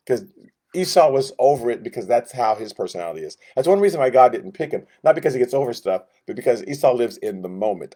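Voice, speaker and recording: A man's voice: mid-range voice, animated, quick pace, warm tone. A man teaching a Sunday school Bible lesson, telling the story in a casual, joking way and acting out what the characters say in different voices.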